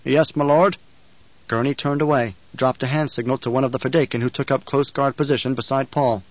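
Steady male narrator for a novel; dry, muffled read. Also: mid-range voice, quick pace, dry recording. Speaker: audiobook narrator. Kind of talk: scripted narration.

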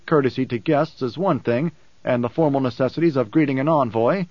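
A male audiobook reader voicing a grave, weary male emperor who speaks calmly with dry irony. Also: mid-range voice, dry recording, muffled recording, lightly acted. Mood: grave, ironic. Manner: calm, measured, dry irony. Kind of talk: audiobook character voice.

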